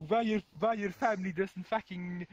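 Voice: mid-range voice, steady tone, moderate pace, highs cut off. A VR chat player, trading blunt, crude teasing in casual group banter.

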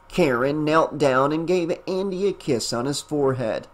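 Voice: medium pitch, moderate pace, hardly any pauses. An audiobook narrator reading a fan novel aloud, who then chats enthusiastically as the channel's host. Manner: enthusiastic, chatty, with fillers in the wrap-up.

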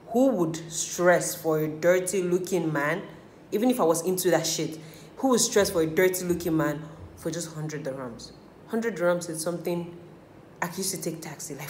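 A woman's voice: deep voice, a little mellow. A woman telling stories in casual chat while doing her makeup, candid and full of swearing and acted-out quotes. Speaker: beauty vlogger. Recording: echoey room, faint hiss.

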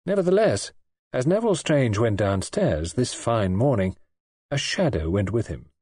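A man narrating an audiobook with measured, expressive storytelling. His voice swings widely in pitch and has a slight husk. He is recorded dry and close. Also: breathy edge, no room sound.

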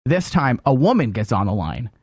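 A man's voice: medium pitch, sing-song, moderate pace, a little mellow, no echo, clean studio sound. A man hosting a radio talk show, telling a long griping story in casual banter and mimicking phone agents.

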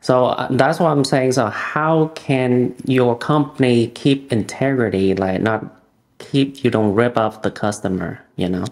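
A man's voice: mid-range voice, a little slow, darkish tone. Man, broken simple phrasing, podcast host, casual chat. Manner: simple, broken English with frequent yeahs.

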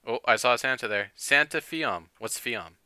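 Throat-clearing streamer man, sharp bright voice. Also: medium pitch, normal speed, no echo, clean studio sound. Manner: keeps clearing his throat; chatty, thinks aloud with fillers and laughs. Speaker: game streamer. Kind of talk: casual live-stream chat with viewers.

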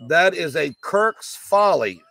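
Fast-chanting male auctioneer. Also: a little high, lively intonation, vocal fry, sharp tone, no echo. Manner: rapid auction chant with repeated numbers. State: coughing, choked up. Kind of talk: live online auction selling.

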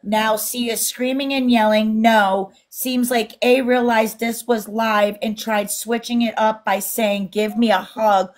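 A woman's voice: a little high, steady tone, measured pace, few pauses. A woman co-hosting a casual livestream, reading viewer comments aloud in an indignant tone. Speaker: livestream co-host. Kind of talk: casual live-stream chat.

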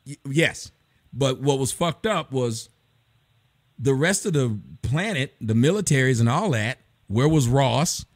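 A man's voice: mid-range voice, expressive, unhurried, dry recording, studio quality. A middle-aged man hosting a casual live stream, ranting bluntly and profanely about movies. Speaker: host.

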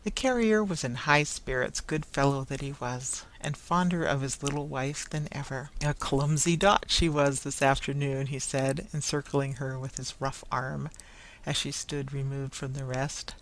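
A narrator reading a classic story aloud in a measured, even storybook manner. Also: medium pitch, a little hiss or hum, rough recording.

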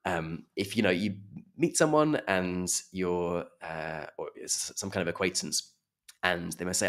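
British guy hosting a podcast, low deep voice, easygoing chatty. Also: moderate pace. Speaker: podcast host. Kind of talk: casual interview chat.

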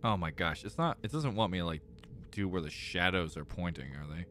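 A man's voice: sits low, lively intonation, brisk, slight background noise. Frustrated, swearing young male gamer. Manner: exasperated, swears a lot, repeats himself when frustrated; shifts between loud outbursts and muttering. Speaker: gaming streamer. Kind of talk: live gameplay commentary.

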